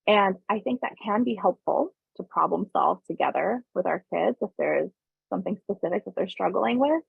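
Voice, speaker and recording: Gravelly woman on a tinny webinar line. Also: medium pitch, moderate pace, dry recording. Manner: conversational, often adds tag questions; calm explaining tone, briefly voices parents and kids. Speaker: parenting webinar presenter. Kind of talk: informal online presentation. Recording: tinny phone-like dry webinar audio.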